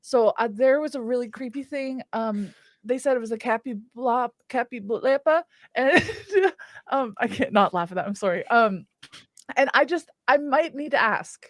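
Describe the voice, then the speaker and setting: A woman voicing a cheerful, naive young elf who is excitable and childlike. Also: a little high, normal speed, dry recording, studio quality, close to an everyday voice. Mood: bubbly.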